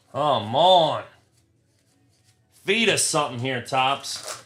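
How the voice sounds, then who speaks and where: A man's voice: fairly high pitch, lively intonation, unhurried, bright, forceful tone. A young man hosting a live trading card break, talking to his chat, frustrated and swearing often. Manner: profane, frustrated, talks to chat.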